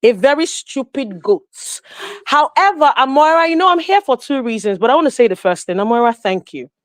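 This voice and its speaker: Call-in guest, woman, gushing and repetitive, slightly high voice, dry and close. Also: lively intonation, brisk, dry recording. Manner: effusive and grateful, with repeated words. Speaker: caller joining a livestream. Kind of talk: casual call-in chat.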